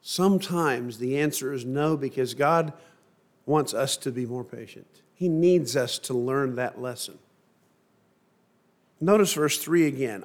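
A middle-aged man preaching a sermon and reading scripture in a measured, emphatic way. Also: mid-range voice. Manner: measured, emphatic delivery with slow stressed phrases.

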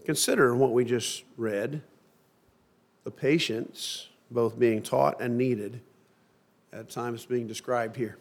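Male preacher, middle-aged, sermon delivery, measured and emphatic, slows down on stressed words. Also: medium pitch, steady tone. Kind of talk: sermon with scripture reading.

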